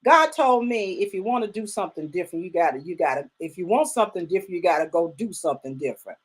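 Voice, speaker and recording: A woman's voice: on the low side, animated, quick pace, breathy edge. An older woman hosting her own live talk show, chatting casually and effusively, greeting viewers by name and repeating words for emphasis. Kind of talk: casual live-stream chat.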